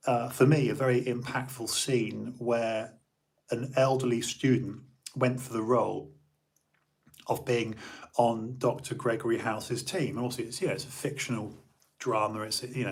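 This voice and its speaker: A man's voice: medium pitch, vocal fry. An English man hosting a livestream, chatting casually and rambling with lots of fillers and restarts. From England. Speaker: livestream host. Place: home.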